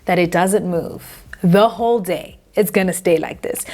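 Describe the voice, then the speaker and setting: A woman's voice: fairly low pitch, normal speed, hardly any pauses, a little mellow. A young woman hosting a hair tutorial, talking casually and directly to her viewers. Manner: chatty, talks straight to viewers as "guys".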